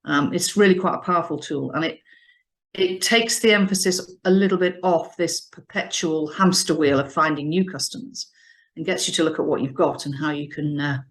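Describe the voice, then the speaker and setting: A woman business advisor explaining customer strategy in an animated, emphatic way, often restarting her phrases. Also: deep voice, moderate pace. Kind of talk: business advice discussion.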